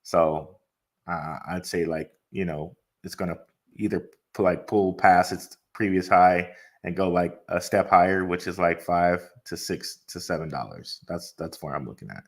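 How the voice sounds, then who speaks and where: A man co-hosting a casual livestream, talking hesitantly with many pauses and restarts. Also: low-pitched. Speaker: co-host.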